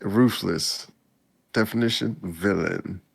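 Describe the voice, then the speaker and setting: This podcast host goes over an anime episode in a relaxed, rambling recap, chuckling and restarting a lot. He talks slowly in a lowish, gravelly, husky voice.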